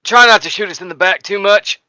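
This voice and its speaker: A gruff, weary sergeant grumbles out firing orders, as a game master plays him. The voice is bright and clear in a dry room. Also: male voice, sits high, fairly quick, dry recording, pitched above the performer's own voice, rough recording. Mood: commanding. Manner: grumbling, commanding.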